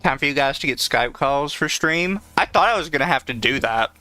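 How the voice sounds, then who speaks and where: Pria bersuara cerah, santai bercanda. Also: male voice, a little high, animated, a little fast, pushed and bright, no echo, soft background music. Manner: joking, laughs often. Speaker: podcast co-host. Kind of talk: casual chat.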